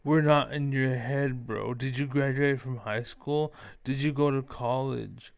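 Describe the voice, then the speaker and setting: Gravelly man ranting at a clip. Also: medium pitch, fairly even intonation, a little slow, no room sound. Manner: profane, heated and exasperated. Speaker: streamer. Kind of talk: ranting reaction commentary.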